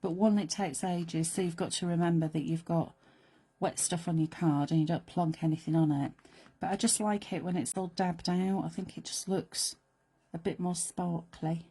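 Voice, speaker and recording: Husky, mellow woman demonstrating crafts. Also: lowish voice, steady tone, moderate pace. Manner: chatty and playful, drops to soft whispered asides while working. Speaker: crafting presenter. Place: craft studio.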